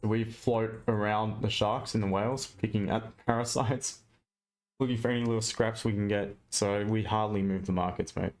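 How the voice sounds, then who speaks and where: A man's voice: lowish voice, steady tone, moderate pace. A man with an Australian accent, chatting casually and bluntly on a live trading stream, ranting with mild swearing.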